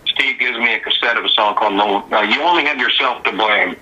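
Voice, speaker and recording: A man, a musician guest, telling stories in a casual, animated interview. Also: lowish voice, fairly quick, breathy edge, muffled recording. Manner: animated anecdotal storyteller.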